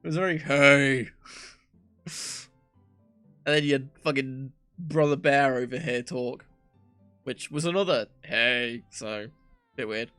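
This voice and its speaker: A man's voice: mid-range voice, normal speed, dry recording, faint music behind. A man streaming a dating game, reading lines aloud in a playful way, swearing and stumbling over words.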